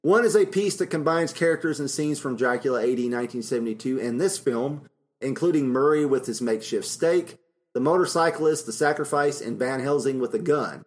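A man's voice: medium pitch, brisk. A middle-aged man co-hosting a podcast, chatting casually and recapping film plots with frequent laughs. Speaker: podcast co-host.

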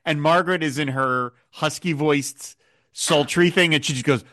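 Bright-voiced man retelling TV scenes. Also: normal speed, no room sound, studio quality. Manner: retells scenes, acting out character lines in lower voices, with chuckles. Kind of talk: casual chat.

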